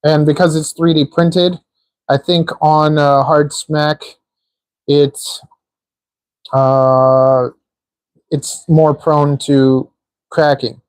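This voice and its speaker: A man's voice: a little high, flat delivery, drawn-out words, long pauses, darkish tone, smooth, no room sound. A man hosting a live stream, chatting casually and joking while he assembles small parts, rambling with lots of filler words. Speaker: livestream host building a drone.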